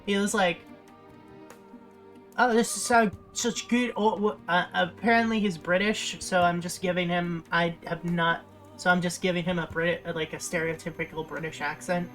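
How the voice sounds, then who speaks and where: A young woman livestreamer talking casually and rambling, full of fillers and self-corrections. Her voice sits fairly low for a woman. Faint game music plays in the background. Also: level tone, moderate pace, a bit bright. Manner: rambling, many fillers and restarts. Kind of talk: casual chat while streaming.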